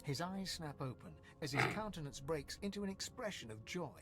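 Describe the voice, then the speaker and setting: A man voicing a video game narrator, reading scripted lines in an even, storybook tone. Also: fairly high pitch, brisk, lightly acted. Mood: calm. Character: calm adult male game narrator. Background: faint game music.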